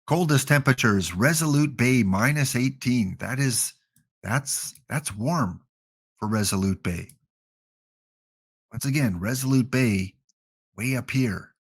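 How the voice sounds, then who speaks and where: A man's voice: mid-range voice, a little slow, long pauses, slightly rough. Jokey Canadian man streaming. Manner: jokey, rambling, playful asides. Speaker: gaming livestream host. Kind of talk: casual livestream chat.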